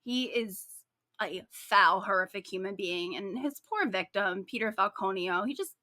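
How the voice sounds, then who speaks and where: A woman's voice: medium pitch, normal speed, dry recording, studio quality. A woman co-hosting a true-crime podcast, retelling the story in a casual, sarcastic way, full of "like"s. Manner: animated, sarcastic storytelling with frequent likes. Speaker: podcast co-host.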